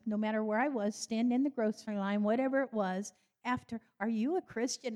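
An older woman telling her personal faith story, animated and acting out the voices she quotes. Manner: animated, acts out quoted voices with sudden high jumps. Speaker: speaker giving a personal faith testimony.

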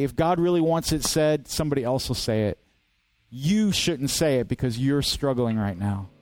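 A man's voice: on the high side, darkish tone, no room sound. A man preaching a sermon as pastor, earnest and direct, driving points home with rhetorical questions.

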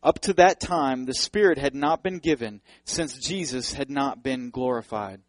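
A man's voice: mid-range voice, moderate pace, no echo, low-quality recording. A man preaching a sermon, speaking earnestly and directly to the congregation and building to fervent emphasis. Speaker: pastor.

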